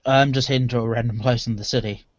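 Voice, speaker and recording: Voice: mid-range voice, steady tone, no echo. A player in a tabletop role-playing game, talking casually with sighs over voice chat. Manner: casual, sighing, quick to exclaim. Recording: dry, muffled voice chat.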